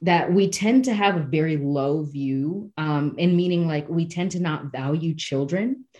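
Low-voiced woman talking reflectively. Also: measured pace. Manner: reflective, animated, many fillers and restarts. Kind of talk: casual conversation on a podcast.

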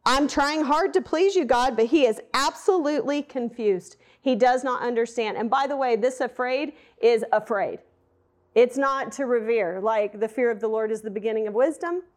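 High-voiced woman teaching scripture. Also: moderate pace, a little mellow. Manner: candid, conversational, asks the audience questions. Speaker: Bible teacher. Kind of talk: sermon.

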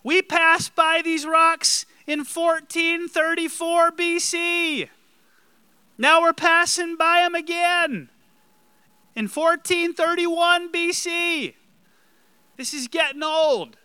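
A man putting on a shrill whining grumbler. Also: fairly even intonation, slow pace, sharp tone, no room sound, studio quality, exaggerated voice. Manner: whining, exasperated, shrill complaining. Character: whiny grumbling Israelite wanderer, complaining to God.

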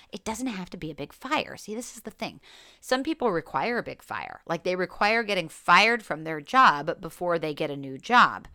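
A woman's voice: fairly low pitch, pushed and bright. A woman hosting a solo podcast as a coach, talking candidly and animatedly, swearing casually.

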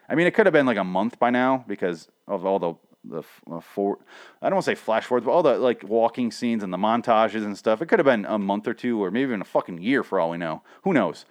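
A man's voice: medium pitch, very animated, fast. Young man giving a profane, rambling comic recap. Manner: profane, rambling, with frequent fillers. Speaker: comic book reviewer. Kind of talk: casual recap commentary.

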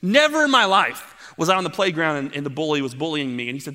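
A man in his thirties preaching a sermon, telling stories with playful asides and growing animated. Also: a little high, fast talker, big-room sound. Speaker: pastor.

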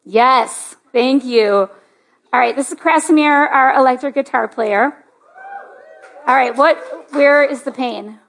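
High-voiced woman preaching chattily. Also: slow pace, vocal fry. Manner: chatty, lots of "like", rising to excited. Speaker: pastor. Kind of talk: sermon with personal story. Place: church sanctuary.

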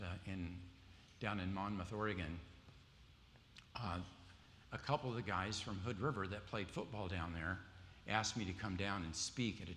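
A low, slightly bright male voice with a touch of hiss or hum preaches a sermon, telling stories and quizzing the congregation with questions. He's an adult with a wife and kids, recorded with long hall reverb and faint ambience.

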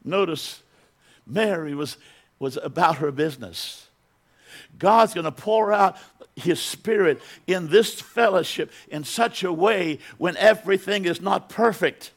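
A man's voice: sits high, unhurried. A middle-aged man preaching a sermon as pastor in a church, building to emphatic bursts and repeating words as he goes.

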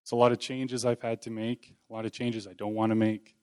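A man's voice: lowish voice, little pitch movement, a little fast, mellow. Folksy man giving a casual sermon. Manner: conversational, folksy, self-deprecating humor. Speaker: lay preacher. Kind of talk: informal sermon.

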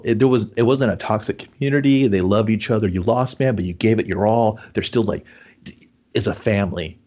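Low-voiced guy riffing on a movie, lots of cussing, acting out the scenes. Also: breathy edge. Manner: profane, animated, acts out movie lines. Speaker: podcast co-host. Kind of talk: casual chat.

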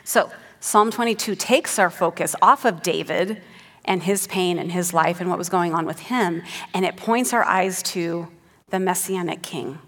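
A woman's voice: lowish voice, measured pace, fairly bright tone, in a large hall. A woman giving an earnest sermon who teaches the passage and reads scripture aloud with rising emphasis. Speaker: preacher.

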